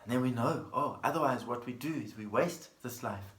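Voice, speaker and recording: A man teaching a dharma talk as a Buddhist teacher, speaking gently in a storytelling manner and repeating plain phrases. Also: mid-range voice, brisk. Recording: echoey room.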